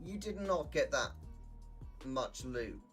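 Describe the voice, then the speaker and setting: A man's voice: mid-range voice, big pitch swings, slow pace, fairly bright tone, faint music behind. A young man chatting casually on a game stream, laughing often and swearing freely. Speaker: live-streaming gamer.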